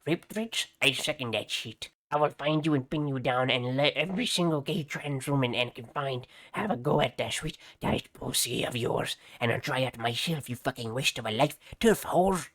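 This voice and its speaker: A man's voice: medium pitch, moderate pace, few pauses, fairly bright tone, natural voice. A man voicing a vicious, hateful male online troll who hurls crude insults in a snarling manner. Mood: hostile.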